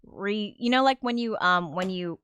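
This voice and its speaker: A woman's voice: mid-range voice, normal speed, fairly bright tone, slight background noise. A woman streaming live from her desk, rambling casually, swearing often and laughing nervously while flustered and anxious. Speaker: streamer and composer. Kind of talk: casual livestream chat.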